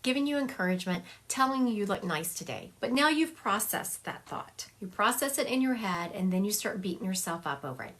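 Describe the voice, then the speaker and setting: A woman's voice: mid-range voice, a bit bright. A woman psychic medium doing a livestream reading over a phone, chatty, laughing often and acting out what spirits say.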